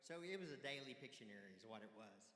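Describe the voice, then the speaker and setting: Male pastor, earnest pleading sermon, middle pitch, roomy church reverb. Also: lively intonation, fast talker. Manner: earnest, pleading delivery with sudden loud emphasis. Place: church sanctuary. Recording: echoey church hall.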